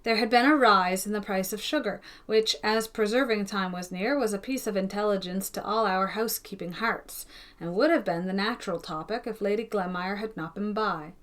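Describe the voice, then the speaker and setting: A woman reading a classic novel aloud in an even, gentle storytelling manner. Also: medium pitch, moderate pace. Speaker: narrator of an audiobook. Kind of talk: scripted audiobook narration.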